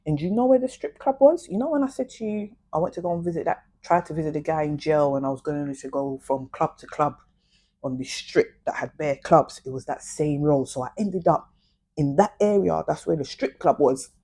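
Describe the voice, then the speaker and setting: Husky woman telling stories. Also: sits low, fairly quick. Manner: animated, slangy, addresses viewers directly. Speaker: vlogger. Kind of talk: casual storytime monologue.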